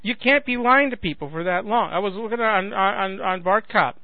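A man with a fairly high voice rants in an indignant, sarcastic monologue, circling back and repeating himself as he builds his point. The sound is dry and squeezed into a thin, telephone-like band, like talk radio. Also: normal speed, no echo. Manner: sarcastic, indignant, repeats words while thinking. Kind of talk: political commentary monologue.

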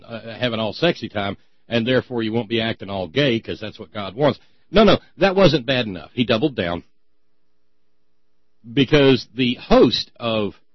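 A man's voice: mid-range voice, no echo, highs cut off. A man hosting a satirical comedy monologue, sarcastic and mocking, with stumbling restarts. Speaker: host.

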